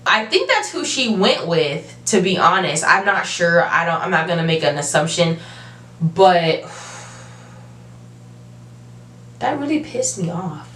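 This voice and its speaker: A young adult woman telling a storytime vlog, animated and emphatic, with casual slang. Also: fairly low pitch, slow, pauses often. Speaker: vlogger. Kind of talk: storytime monologue. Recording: roomy, from a distance.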